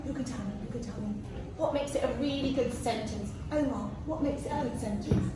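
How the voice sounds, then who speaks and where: A woman's voice: a little high, a little fast. A woman teaching children a phonics lesson, encouraging and sing-song, with lots of praise. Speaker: primary school teacher. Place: classroom. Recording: echoey classroom from far off, noisy.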